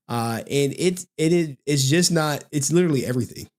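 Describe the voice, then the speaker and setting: Animated, slangy male commentator. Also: mid-range voice, brisk, hardly any pauses. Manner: animated, slangy, profane, mocking. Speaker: online commentary host. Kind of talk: casual commentary.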